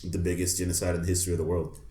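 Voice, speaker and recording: Low-voiced indignant podcast man. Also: monotone, rapid-fire, dark tone, echoey room. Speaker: podcast co-host. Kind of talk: casual podcast chat.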